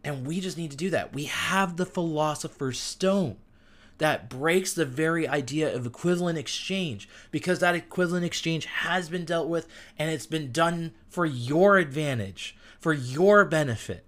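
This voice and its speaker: A young man hosting a casual Bible talk who keeps getting excited, interrupting himself and reading verses aloud. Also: a little high, moderate pace. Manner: enthusiastic, gets amped and self-interrupts. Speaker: podcast host.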